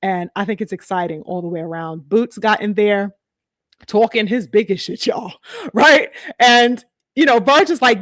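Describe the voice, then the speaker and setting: A woman hosting a casual boxing chat, slangy and animated, acting out what fighters said and laughing often. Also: mid-range voice, normal speed, dry recording. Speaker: boxing commentator host.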